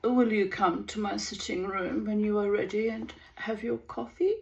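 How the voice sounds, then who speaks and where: A woman's voice: mid-range voice, steady tone, moderate pace, gravelly, natural voice. A woman reading aloud and voicing a glamorous, theatrical aristocratic baroness with a faint German accent and a dramatic, gushing manner. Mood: gracious.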